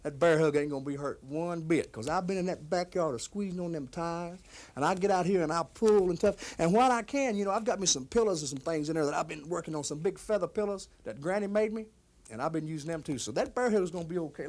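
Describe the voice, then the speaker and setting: Kentucky man, high-pitched, folksy rambling drawl, fan-mail chat from the porch. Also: animated, quick pace. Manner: drawling, rambling country talk. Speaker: wrestler talking to fans. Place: house porch.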